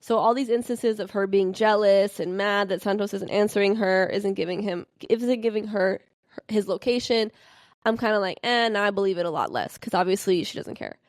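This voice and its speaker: A young adult woman hosting a casual podcast, telling gossip and stories animatedly and acting out quotes with big jumps in pitch. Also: fairly even intonation, moderate pace, a little mellow, dry recording, studio quality. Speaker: podcast host. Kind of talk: casual chat about reality TV and celebrity gossip.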